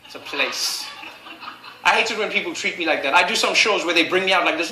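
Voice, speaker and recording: A young South African man doing stand-up on a late-night show, animated and slipping into character voices. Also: a little fast. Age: 20s. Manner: animated, jumps into high-pitched character voices for quoted people. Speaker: stand-up comedian. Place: television studio stage. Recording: echoey studio with audience noise.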